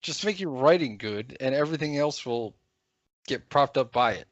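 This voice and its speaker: A male podcast co-host rambles through crude, hesitant chat full of fillers. He is recorded on a dull, muffled mic in a dead, dry space. His pitch is middling for a man. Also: expressive, normal speed, no echo.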